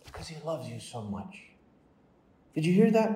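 A man's voice: fairly high pitch, moderate pace, pauses often, reverberant, low-quality recording. A man, a priest, telling stories in a sermon, acting out the voices of the people in them. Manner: animated storyteller, acts out voices in dialogue. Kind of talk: storytelling sermon.

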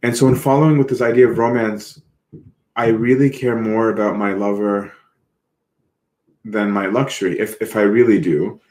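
A man's voice: fairly low pitch, steady tone, a little mellow, reverberant. A man giving an earnest, reflective sermon, repeating words as he goes. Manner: earnest, reflective, slow with repetitions. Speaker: preacher.

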